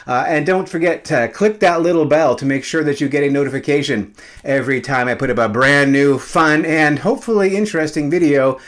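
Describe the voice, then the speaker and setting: A man's voice: a little high, brisk, a bit bright. A realtor in his fifties talking casually on his own vlog. He rambles with many fillers and is still slightly out of breath after a workout. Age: 50s.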